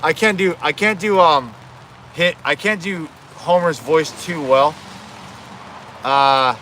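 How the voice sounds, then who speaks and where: Casual male streamer, rambling and profane, bright tone, faint outdoor hiss. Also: a little high, takes it slowly. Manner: rambling, self-correcting, swears. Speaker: livestreamer. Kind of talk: casual livestream chat. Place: outdoors at home.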